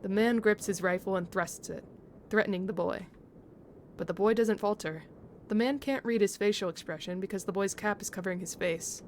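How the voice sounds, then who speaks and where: A woman's voice: mid-range voice, moderate pace, slight background noise. A woman streamer reading a game's story aloud to her chat, chatty and laughing as she muses over pronunciations.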